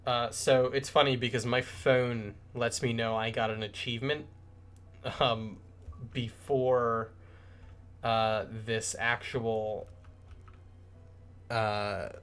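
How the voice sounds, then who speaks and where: A man's voice: medium pitch, steady tone, slow, pauses often, fairly bright tone, smooth. A man chatting casually as a streamer while playing a game, rambling and enthusiastic. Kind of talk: casual gameplay commentary.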